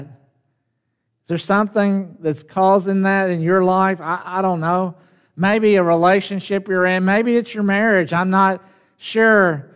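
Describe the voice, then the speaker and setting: A high-pitched, smooth male voice preaches with a Southern US drawl. The pastor keeps it folksy and chatty, quizzing the congregation, and his words trail off in a large hall's long reverb.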